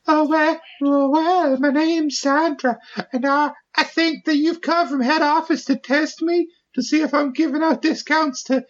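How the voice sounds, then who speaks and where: Prim female shop worker with a Southern belle drawl, done by a man, high falsetto, slow, slightly muffled recording. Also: creaky, pushed and bright, heavily acted. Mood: suspicious.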